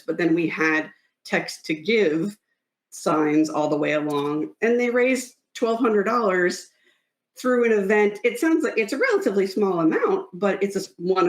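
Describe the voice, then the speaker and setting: Woman guest on a podcast, talks it through, lots of ums and restarts. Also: lowish voice. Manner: explains with fillers and restarts. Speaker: podcast guest, nonprofit advisor. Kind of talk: casual interview chat.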